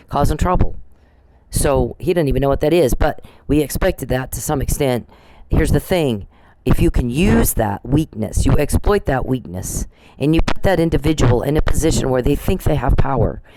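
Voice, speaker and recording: A man's voice: mid-range voice, darkish tone, a little hiss or hum, poor audio. Scornful, profane man ranting. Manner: scornful, mocking, profane, repetitive. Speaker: podcast host. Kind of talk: angry monologue addressed to an absent person.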